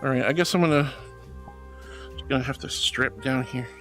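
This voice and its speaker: A woman streaming as a VTuber, chatting casually and playfully with her viewers and teasing them in squeaky, cutesy tones. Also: normal speed, faint music behind. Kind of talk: casual live-stream chat.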